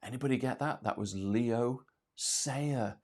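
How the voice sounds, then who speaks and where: A man's voice: medium pitch, a little slow, a little mellow. A man hosting a live online quiz from home, out of breath, chatty and self-deprecating as he reads out questions and answers. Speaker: quiz host.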